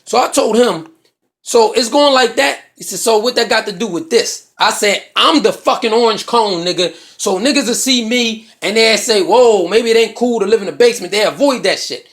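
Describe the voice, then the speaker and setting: A man's voice: sits high, fairly quick, few pauses, fairly bright tone. A man with a Philadelphia accent telling a comedic story, profane and full of slang, acting out both sides of an argument.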